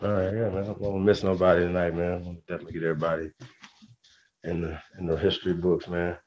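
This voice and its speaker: Deep-voiced male stream host, upbeat slang, lo-fi sound with faint hiss. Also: flat delivery, quick pace, darkish tone. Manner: greets viewers by name, slangy and upbeat. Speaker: livestream host. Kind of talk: casual livestream chat. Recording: dull lo-fi stream audio with faint noise.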